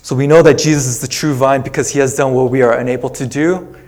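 Male pastor with a middle-pitched voice, telling a story in a relaxed, chatty sermon. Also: fast talker. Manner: conversational storytelling with casual asides.

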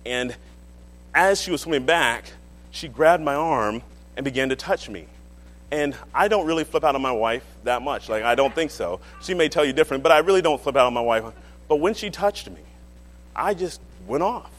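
A male pastor telling a humorous personal story in a sermon, animated and often laughing as he talks. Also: medium pitch, normal speed, big-room sound.

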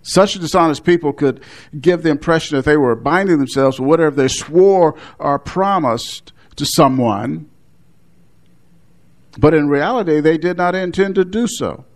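A man's voice: on the high side, normal speed. A man preaching an expository sermon, explaining a Bible passage with frequent restarts and short laughs.

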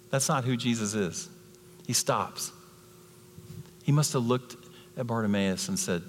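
Animated man preaching in an echoing church. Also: mid-range voice, normal speed, pauses often. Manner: animated, acts out the people he quotes. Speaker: guest preacher. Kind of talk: sermon. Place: church sanctuary.

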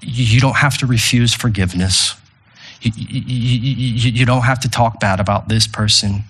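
A male pastor with a husky, mid-range, fairly bright voice speaks at a moderate pace to a congregation in a church room. Leading communion and prayer in his sermon, he's earnest, repeating phrases and stumbling into restarts.

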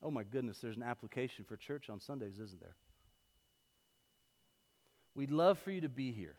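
A man preaching a sermon as pastor, telling everyday stories in a lively way that swings from loud to hushed. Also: mid-range voice, normal speed, pauses often. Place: church sanctuary. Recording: long hall reverb.

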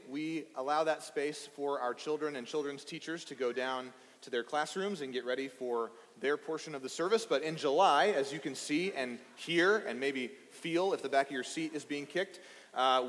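In a reverberant church sanctuary, a pastor in his thirties from East Texas delivers a casual, playful sermon and chats with the children in the congregation. His voice is fairly high and fairly bright.

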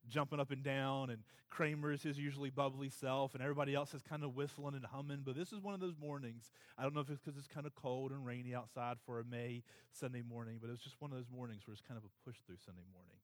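A man preaching a conversational Sunday sermon as pastor, halting with many fillers, tired and near tears. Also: medium pitch, steady tone, big-room sound. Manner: halting, filler-heavy, emotional. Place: church sanctuary.

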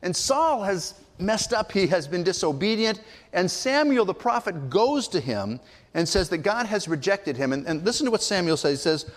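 A man's voice: high voice, expressive, moderate pace, in a large hall. An older man preaching a sermon, telling family stories and acting out the voices of people in them. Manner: storytelling, acts out voices in quotes. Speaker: pastor.

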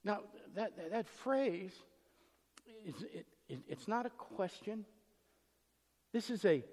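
Male pastor with a high voice giving an emphatic sermon, acting out the voices in the text; big echoing hall sound. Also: animated, slow pace, pauses often, a little mellow. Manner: emphatic, rhetorical questions, acts out the voices in the text. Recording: long reverb in a large hall.

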